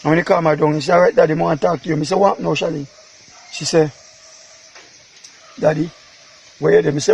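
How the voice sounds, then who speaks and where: A man's voice: on the high side, steady tone, fast, creaky, pauses often, darkish tone, slightly rough. A man with a Jamaican accent, a father recounting in an interview how his daughter went missing, rambling in patois. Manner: rambling, emotional retelling in patois.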